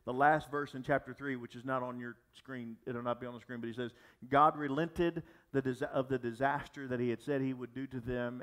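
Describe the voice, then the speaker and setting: A man preaching a sermon as pastor, talking animatedly with frequent restarts and asides to the audience. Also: medium pitch. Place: church or gathering space for young adults.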